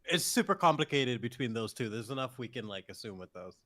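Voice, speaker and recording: A man's voice: mid-range voice, expressive, fairly quick, bright, forceful tone, dry recording. A man discussing a TV show on a podcast, stammering through restarts and swearing. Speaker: podcast guest. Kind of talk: casual show breakdown chat.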